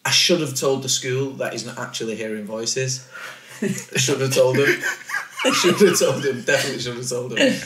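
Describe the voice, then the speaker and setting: A man who does stand-up comedy, telling a story as a podcast guest in an animated way and laughing often. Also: medium pitch, moderate pace, slight background noise. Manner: animated, laughs often, slips into quoted voices. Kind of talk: casual storytelling. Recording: echoey room.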